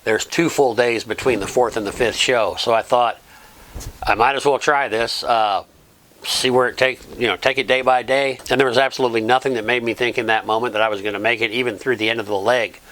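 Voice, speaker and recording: A man's voice: mid-range voice, fairly even intonation, brisk, a bit bright. A middle-aged man hosting a travel vlog, recapping the trip in a plain, earnest way and thanking friends. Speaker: vlog host. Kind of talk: casual travel vlog narration.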